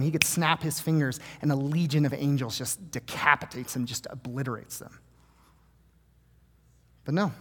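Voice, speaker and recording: A man preaching a sermon with a voice pitched a little above most men's. He talks conversationally, drops to a near hush and then surges into strong emphasis. His words ring out with a long hall reverb. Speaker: pastor.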